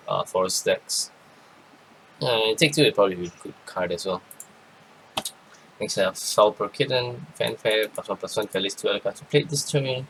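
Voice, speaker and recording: A man giving a rambling, casual card game review, tired and yawning, with many pauses and restarts. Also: low voice, fairly bright tone, slight background noise, poor audio. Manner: rambling, lots of ums and restarts. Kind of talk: casual commentary.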